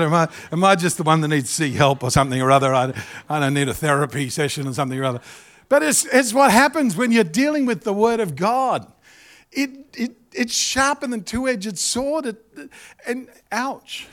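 A middle-aged man with an Australian accent preaching a sermon, animated and jokey, acting out little asides. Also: sits high, normal speed. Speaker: pastor.

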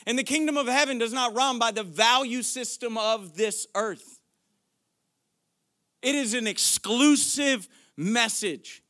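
Male pastor, high bright voice, preaches with rising intensity into shouted declarations. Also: unhurried. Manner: preaching, building from quiet questions to shouted declarations. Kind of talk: sermon.

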